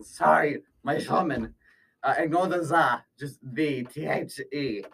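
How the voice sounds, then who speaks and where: A man's voice: fairly high pitch, measured pace, gravelly, a bit bright, slightly rough, recorded from a distance. Rambling goofy man, bit off-mic. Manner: rambling, goofy, self-correcting. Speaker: interviewee playing an evil scientist. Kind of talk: improvised comedy interview.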